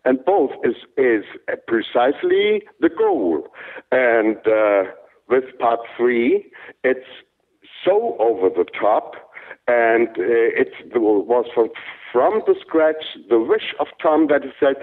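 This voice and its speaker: An older man with a German accent, a German native speaker, speaking haltingly in an interview with many fillers and restarts. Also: mid-range voice, very animated. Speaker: interviewed actor. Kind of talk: casual interview talk. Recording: tinny phone-like sound.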